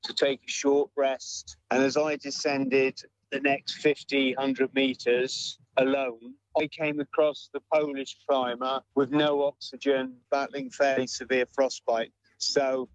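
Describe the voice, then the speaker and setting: A man speaks at an average pitch, measured and a little hesitant, with plenty of fillers. The sound is dry, with no room echo. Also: flat delivery. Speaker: mountaineer guest. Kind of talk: remote interview answers.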